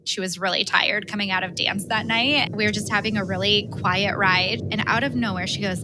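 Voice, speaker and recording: A woman's voice: medium pitch, fairly even intonation, a little fast, hardly any pauses, noisy background. A woman in her thirties, a mother and guest, telling a family story with frequent laughter. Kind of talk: storytelling interview.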